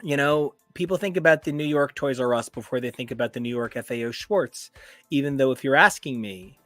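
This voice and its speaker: A man co-hosting a podcast in casual chat, animated and gushing, jumping up to high notes when excited. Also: a little fast, no room sound, faint music behind. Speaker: podcast co-host.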